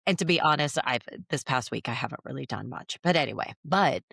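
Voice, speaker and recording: A woman's voice: extremely low pitch, lively intonation, a little fast, creaky, fairly bright tone, breathy edge, dry recording, studio quality. A woman co-hosting a podcast in casual chat, reflective and thinking aloud, often restarting her sentences. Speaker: podcast co-host.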